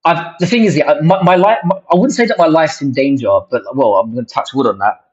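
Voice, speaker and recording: A man's voice: on the high side, quick pace, a little mellow, husky. A young man, host of a casual livestream, chatting to viewers in a rambling, sweary way with many restarts. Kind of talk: casual livestream chat reacting to comments. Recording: dull lo-fi stream audio.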